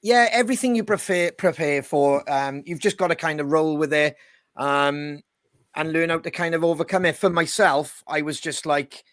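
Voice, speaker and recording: A man's voice: fairly high pitch, normal speed, a bit bright, no echo, studio quality. A man in a band, chatting casually on a podcast, rambling, swearing freely and laughing often. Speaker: band member co-hosting a podcast. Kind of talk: casual chat.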